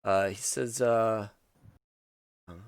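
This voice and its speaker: A man's voice: lowish voice, drawn-out words, noisy background. A man narrating a tabletop game as game master, loose and full of fillers.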